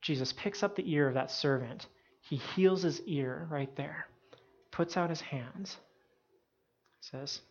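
A woman telling a Bible story as a sermon, animated and dramatic, with asides to her listeners. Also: low voice, moderate pace, breathy edge. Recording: dull lo-fi sound.

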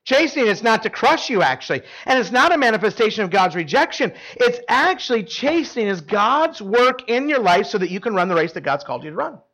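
High-voiced pastor, chatty and questioning. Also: male voice, very animated, a little fast, hardly any pauses, a bit bright. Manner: chatty, filler-heavy, quizzes the congregation. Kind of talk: conversational sermon. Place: church service before a live congregation.

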